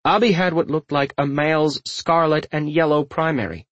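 A man narrating a fantasy audiobook with lively, expressive storytelling. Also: fairly high pitch, normal speed, no room sound, muffled recording. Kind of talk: scripted narration.

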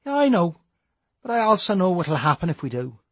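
Jumpy, clumsy young robber, pitched high and loud, husky grain, voiced by a man. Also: sing-song, a little fast, no echo, full character voice. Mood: earnest. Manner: high, shaky and eager. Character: nervous young male robber, jittery and clumsy.

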